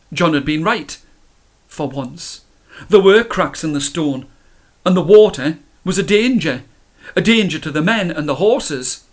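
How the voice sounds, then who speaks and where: A man reading a story aloud in a measured, expressive way. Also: fairly high pitch.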